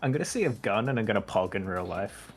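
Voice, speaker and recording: A woman in casual chat among friends, teasing with deadpan jokes. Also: rumbling low, quick pace, soft background music.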